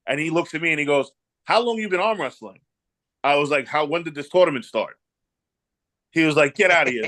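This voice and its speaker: Animated male storyteller, dry sound. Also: mid-range voice, dry recording. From New York area. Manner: animated, acts out dialogue in anecdotes. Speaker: event promoter. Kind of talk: casual storytelling.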